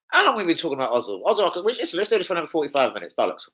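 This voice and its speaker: Lively, sweary football fan. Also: male voice, a little high, racing, hardly any pauses, low-quality recording. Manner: animated, sweary, slangy, mimics people. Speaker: fan channel host. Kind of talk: casual football rant.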